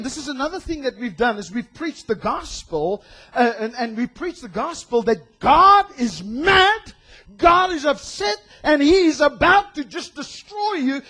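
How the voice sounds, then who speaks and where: A male pastor preaching a sermon in an animated way, acting out voices and shouting for emphasis. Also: extremely high pitch.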